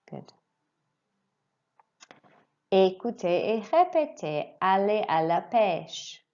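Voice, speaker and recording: A woman teaching a French lesson to pupils, slowly and clearly modelling phrases for them to repeat. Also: lowish voice, a little mellow, muffled recording. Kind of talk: recorded remote lesson.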